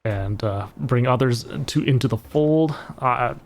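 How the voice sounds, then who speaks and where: A man's voice: mid-range voice, measured pace. A young man streaming a game live, chatting casually with viewers and teammates, laughing often. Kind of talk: casual live-stream chat while gaming.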